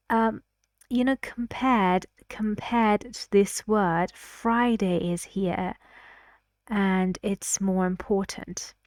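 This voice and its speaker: A young woman teaching an English lesson, speaking at a deliberate, unhurried pace. She explains carefully and reads example sentences aloud, leaning on the stressed words. The sound is close and dry, with no room echo. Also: mid-range voice, darkish tone.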